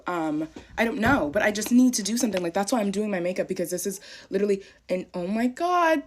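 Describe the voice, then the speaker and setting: A woman's voice: mid-range voice, darkish tone, a little hiss or hum. A young woman ranting casually to camera, irritated and dramatic, swearing often. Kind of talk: casual vlog rant.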